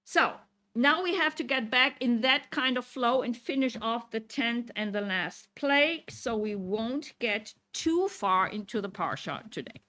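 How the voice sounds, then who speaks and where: A woman's voice: on the high side, animated, a little slow, pushed and bright. A woman teaching a Torah lesson to a congregation. She reads verses aloud, explains Hebrew words and keeps checking in with "Okay?". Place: synagogue classroom.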